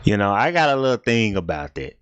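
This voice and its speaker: A man's voice: lowish voice, sing-song, brisk, fairly bright tone, clean tone, no room sound. A man hosting a casual reaction video, talking in a rambling, repetitive, laid-back way.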